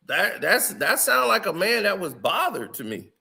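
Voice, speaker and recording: A man's voice: sits high, big pitch swings, moderate pace, gravelly, few pauses, bright, forceful tone. A man commenting on a video clip in a casual, incredulous way, laughing often.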